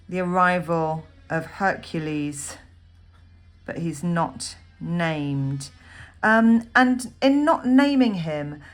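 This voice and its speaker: A woman with a fairly low voice talks through a poem like a teacher in a recorded lesson. She fills pauses with ums and pauses to jot notes as she explains. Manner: thinks aloud, frequent ums, annotates while talking. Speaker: literature teacher. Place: at a desk writing notes.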